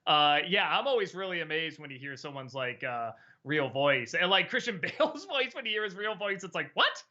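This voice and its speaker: A man's voice: fairly high pitch, sing-song, brisk, bright, forceful tone, muffled recording. A man hosting a casual live-stream chat, answering viewer questions with many fillers, restarts and easy laughs.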